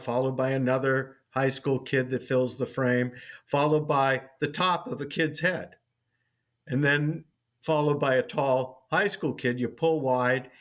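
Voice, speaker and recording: A man's voice: mid-range voice, a bit bright. A man, a sitcom writer and teacher, telling a story in an interview, with frequent restarts.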